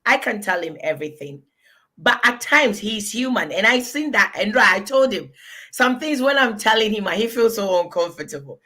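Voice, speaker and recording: A woman with a Ghanaian accent, guest on a casual talk show, telling animated stories and often breaking into laughter. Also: medium pitch, normal speed.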